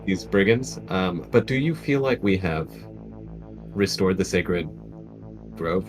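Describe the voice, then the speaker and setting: A man playing a character in an online tabletop game, speaking hesitantly with many pauses and restarts. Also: low voice, animated, soft background music, poor audio. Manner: hesitant, full of ums and restarts. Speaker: player. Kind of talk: casual tabletop role-play.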